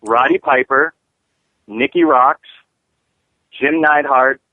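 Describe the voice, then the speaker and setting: A man's voice: medium pitch, takes it slowly, no echo. A man calling in as a guest, joking about himself and swearing casually. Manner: joking, self-deprecating, swears freely. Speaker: wrestling manager, guest. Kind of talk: casual phone-in interview. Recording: tinny phone line.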